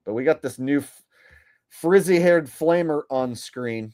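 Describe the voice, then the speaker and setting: A man's voice: fairly high pitch, measured pace, a little mellow, no echo. A man hosting a commentary video, talking in a crude, sarcastic, profane way. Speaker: commentary host. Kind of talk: mocking commentary.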